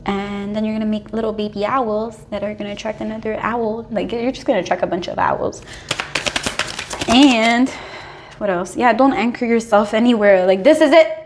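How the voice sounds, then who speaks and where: A young adult woman talking casually as a tarot reader, animated and full of "like"s, often breaking into laughter. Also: medium pitch, normal speed, noisy background. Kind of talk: casual spiritual advice monologue.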